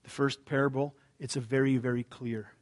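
A male pastor giving an earnest, conversational sermon, dropping his voice low for emphasis. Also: flat delivery, moderate pace.

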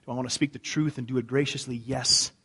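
A man preaching a sermon as a pastor, husky in tone, rising to loud emphatic lines and dropping to hushed, low ones. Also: steady tone, fast talker.

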